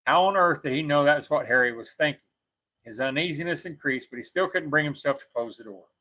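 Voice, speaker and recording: A man's voice: a little high, fast talker, sharp tone, low-quality recording. A man co-hosting a show, reading a scary story aloud and now and then correcting his own slips.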